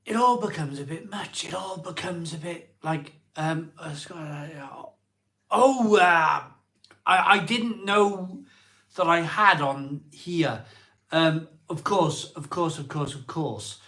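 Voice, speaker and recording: A man in his forties hosting a live stream, talking slowly and emotionally with many ums and restarts. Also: on the high side, a bit bright. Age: 40s. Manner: slow, halting, full of ums and restarts. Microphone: phone.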